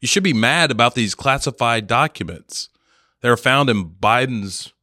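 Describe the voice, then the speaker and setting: A man co-hosting a podcast in casual chat, sarcastic and animated, laughing often. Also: medium pitch, normal speed, no echo, clean studio sound. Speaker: podcast co-host.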